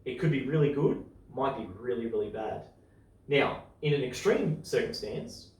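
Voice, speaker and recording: A man talks casually and with conviction, speeding up and slowing down as his excitement builds. He sits a little away from the mic, and a strong room echo hangs on every word. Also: medium pitch, distant mic. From Australia. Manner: excitable, opinionated, speeds up and slows down. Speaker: podcast host. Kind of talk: casual chat.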